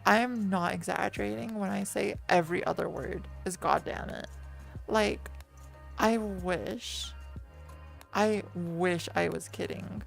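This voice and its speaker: Woman with a gravelly, rambly voice. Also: mid-range voice, fairly even intonation, unhurried, faint music behind. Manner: rambly, self-correcting, chatty with viewers. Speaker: streamer. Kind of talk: rambling casual stream chat. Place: lying down while streaming.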